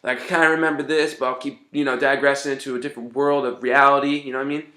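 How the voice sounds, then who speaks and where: Man, casual advice, rambling, mid-pitched voice, songwriting tips. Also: flat delivery, fast talker, bright, forceful tone. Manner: rambling, keeps saying "you know what I mean".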